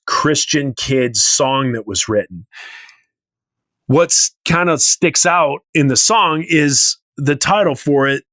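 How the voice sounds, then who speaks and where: A man's voice: mid-range voice, pushed and bright, no echo. A man in his forties telling a rambling story in casual chat as podcast co-host, now and then humming bits of a tune. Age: 40s. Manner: rambling storyteller, hums snippets of tunes.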